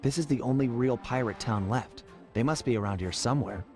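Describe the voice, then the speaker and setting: A man's voice: medium pitch, brisk, a little mellow, close to an everyday voice. A man voicing a cool, wisecracking male raccoon thief in a video game, with a dry, wry delivery. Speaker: game character. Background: game music.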